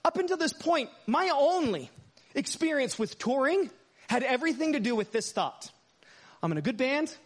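A man preaching a storytelling sermon, swinging from hushed asides to loud, emphatic lines. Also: very high voice, expressive, moderate pace. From United States.

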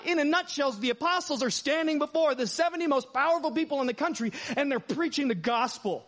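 A man preaching a storytelling sermon, swinging from hushed asides to loud, emphatic lines. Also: very high voice, animated, a little fast, hardly any pauses. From United States.

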